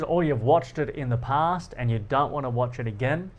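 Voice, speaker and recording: A man hosting a philosophy talk, explaining ideas through personal stories, animated and often laughing. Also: mid-range voice, fairly quick, hardly any pauses, dull audio. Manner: animated, laughs often, acts out quoted lines. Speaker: philosophy channel host. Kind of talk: explanatory monologue with personal anecdotes.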